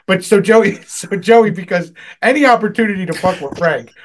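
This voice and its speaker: Casual podcast guy, kinda high voice, swears a lot, rambles and laughs. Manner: profane, rambling, quick to laugh. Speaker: podcast host. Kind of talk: casual storytelling chat.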